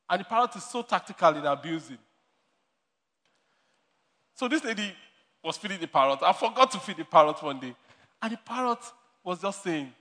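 High-voiced man preaching in a reverberant hall. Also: expressive, moderate pace, pauses often, pushed and bright. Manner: storytelling with laughter, repeats key lines. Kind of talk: sermon.

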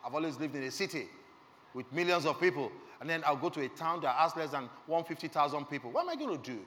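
A man's voice: on the high side, fast, fairly bright tone. A middle-aged man, telling an emotional testimony in a sermon and checking in with his listeners. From Nigeria. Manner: earnest, emotional storytelling, asks the audience questions. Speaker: preacher. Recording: reverberant hall with faint background noise.

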